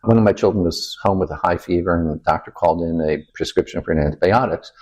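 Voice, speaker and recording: An older man, a rabbi, telling stories in a relaxed interview, quoting people and asking rhetorical questions. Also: sits low, quick pace, slightly rough. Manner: animated anecdote-teller who quotes people and asks rhetorical questions. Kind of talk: storytelling in a casual interview.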